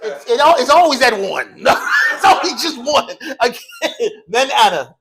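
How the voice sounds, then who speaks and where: A man's voice: very high-pitched, very animated, moderate pace, gravelly, crowd noise. A man teaching an Arabic class in a mosque classroom, drilling students in call and response, joking and laughing often in slangy casual speech.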